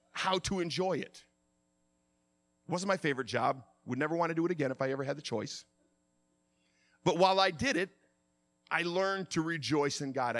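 Bright, high-voiced male preacher. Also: no echo. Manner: animated storytelling, acts out shouts. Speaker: pastor. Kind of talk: sermon.

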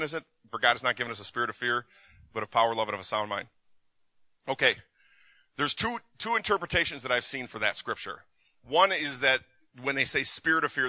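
Bright-voiced man preaching casually. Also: mid-range voice, no echo. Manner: conversational, with repeated restarts and acted quotes. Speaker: pastor. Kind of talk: sermon with Q and A. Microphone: recorded for the session.

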